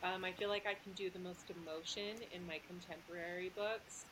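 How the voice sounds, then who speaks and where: A woman's voice: fairly low pitch, steady tone, a little fast, background noise. A woman author, a guest on a podcast, chatting casually with lots of fillers and giggles. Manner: giggly, filler-heavy, rambling.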